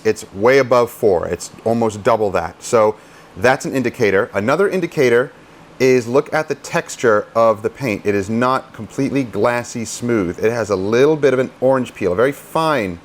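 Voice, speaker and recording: Male detailer, mid-pitched, chatty and explanatory, teaching hands-on beside a car with light noise behind. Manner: explanatory, chatty, self-joking. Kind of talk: casual how-to instruction.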